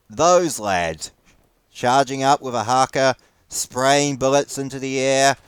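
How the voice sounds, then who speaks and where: This gameplay commentator has a clear, resonant, mid-range voice and a New Zealand accent. Playing a war game, he keeps up a profane, wry stream of casual grumbling aimed at his teammates.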